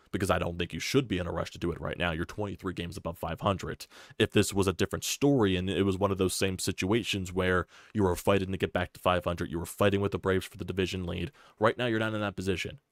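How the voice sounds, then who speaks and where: Guy ranting about his team's series, repeats himself a lot, low voice. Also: level tone, quick pace, no echo, studio quality. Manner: heated, swearing rants; repetitive, emphatic delivery. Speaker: sports channel host. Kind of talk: casual sports recap commentary.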